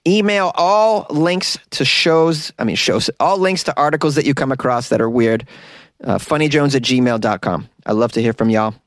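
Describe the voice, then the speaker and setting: A chatty man hosts his own podcast, reading out listener mail and shouting people out. His voice sits in a middle pitch, and the recording is close and dry with no room sound. He talks loosely, full of "uh"s and small restarts. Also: moderate pace, no room sound. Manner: easygoing, chatty, many fillers and restarts; breaks into laughter. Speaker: podcast host.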